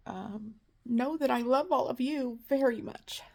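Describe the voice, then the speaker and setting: A woman vlogging to her viewers, choked up and tearful, speaking in halting, broken phrases. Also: sits high, creaky, a little mellow. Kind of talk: personal vlog to viewers.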